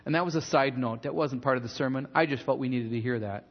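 A pastor preaching a sermon in a church in a conversational, animated way, with asides and bits of humor. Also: male voice, mid-range voice, quick pace, in a large hall, dull audio.

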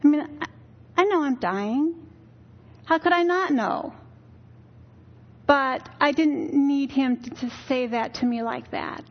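A woman's voice: sits high, very animated, slow, long pauses, dull audio. An older woman giving a weary, earnest personal testimony in church, telling her story candidly. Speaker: church speaker.

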